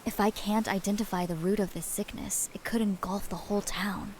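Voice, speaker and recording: An actress voicing a calm, selfless young female apothecary in a video game, composed and earnest. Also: mid-range voice, a little fast, a little hiss or hum, close to an everyday voice, low-quality recording. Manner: composed, earnest, soft-spoken.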